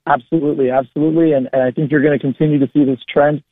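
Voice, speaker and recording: A man's voice: on the high side, fairly even intonation, racing, no room sound. Male phone-in guest, upbeat promoter, thin phone-line sound with a dry close feel. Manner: upbeat, promotional, repeats words. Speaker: guest, local party chair. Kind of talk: radio phone interview.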